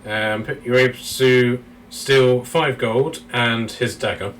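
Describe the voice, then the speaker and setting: Casual laughing game master. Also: male voice, mid-range voice, fairly even intonation, slow pace, a bit bright. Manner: casual, laughing, thinking aloud. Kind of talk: running a tabletop game. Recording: distant mic, faint noise.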